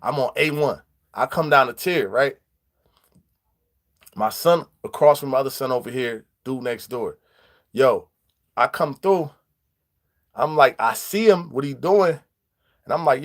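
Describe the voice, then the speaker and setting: A man's voice: medium pitch, animated, measured pace, pauses often. A man casually telling prison stories, greeting live viewers and acting out quoted dialogue in street slang. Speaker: vlogger. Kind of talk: casual storytelling vlog.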